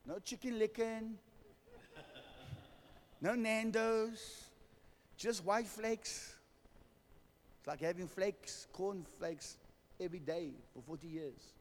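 Preacher guy, funny storytelling sermon, highish voice, hall echo. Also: takes it slowly, pauses often, a little hiss or hum. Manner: storytelling, humorous, calls for amens. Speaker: pastor.

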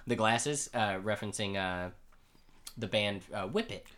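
Man, casual podcast chat, slight lisp from aligner trays, excitable, voice jumps up when excited. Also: fairly low pitch, a little slow. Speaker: podcast co-host. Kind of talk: casual chat recapping a comic.

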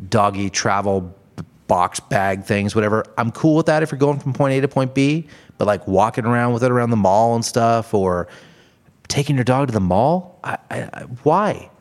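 A male podcast host talking alone into the mic about things that annoy him. He is blunt and profane and laughs at his own jokes. His voice sits at an ordinary middle pitch. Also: normal speed. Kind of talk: solo ranting podcast monologue.

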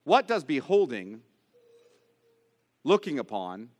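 A man preaching a sermon, with dramatic pauses and rising emphasis. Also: medium pitch, sing-song, a little mellow, big-room sound. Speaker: pastor.

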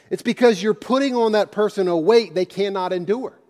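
Man, pastor, sermon, fairly high voice, impassioned with casual asides, long church reverb. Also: brisk, hardly any pauses, a little mellow. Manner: impassioned preaching with rising emphasis and conversational asides. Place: church sanctuary.

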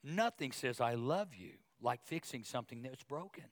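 A male pastor preaching a sermon, talking conversationally with asides and repeated words, then rising in pitch and volume as he gets emotional. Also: animated, normal speed. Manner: emotional, grows louder and higher when preaching.

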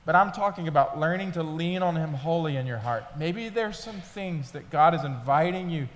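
A man's voice: a little high, expressive, moderate pace. A man in his thirties preaching a sermon as pastor, telling stories conversationally and building in intensity. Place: church sanctuary. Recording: long hall reverb.

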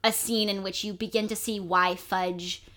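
A woman co-hosting a casual book podcast, animated and sweary with mocking asides. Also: mid-range voice, normal speed. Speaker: podcast co-host. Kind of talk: casual book discussion chat.

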